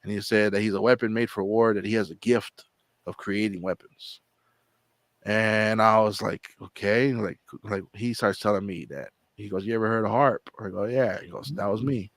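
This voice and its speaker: Guy rambling thru a story on his channel, lowish voice, dry close sound, keeps repeating himself. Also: fairly even intonation, normal speed, fairly bright tone, no echo. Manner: rambling, repeats words and acts out quotes. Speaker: channel host. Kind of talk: casual storytelling chat.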